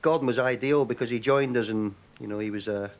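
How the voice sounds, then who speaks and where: A man, a former footballer, recalling team memories thoughtfully in an interview. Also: mid-range voice. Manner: thoughtful, unhurried recollection. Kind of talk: reflective interview.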